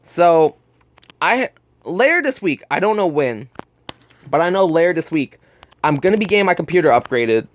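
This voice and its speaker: A man's voice: a little high, sing-song, moderate pace, pauses often. Profane young man ranting casually. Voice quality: burping, just ate. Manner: profane, blunt storytelling. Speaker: gaming channel host. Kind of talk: casual vlog rant.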